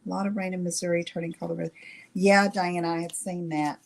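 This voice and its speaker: A woman's voice: fairly low pitch, level tone, fairly quick, creaky. A middle-aged woman hosting a live craft demonstration, chatting with viewers and checking in with "okay?" after each step. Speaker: craft tutorial host.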